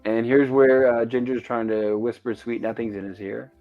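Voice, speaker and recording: A man's voice: medium pitch, steady tone, normal speed, faint music behind. Man narrating a show in lo-fi sound. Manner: narrates scenes and reads quoted lines aloud. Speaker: show host. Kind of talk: casual episode commentary.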